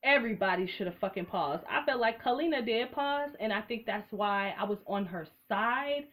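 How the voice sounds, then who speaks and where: Young woman, fairly high voice, blunt, cussing, sassy reality-show commentary. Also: normal speed. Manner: blunt, profane, animated, with sassy asides. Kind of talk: casual vlog commentary.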